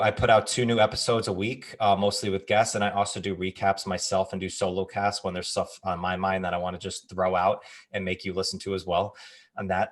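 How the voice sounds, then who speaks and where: A man guesting on a podcast, a personal trainer who talks in a friendly, easygoing way and tells stories with energy. His voice sits a bit low. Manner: friendly, animated storyteller. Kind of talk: casual interview chat.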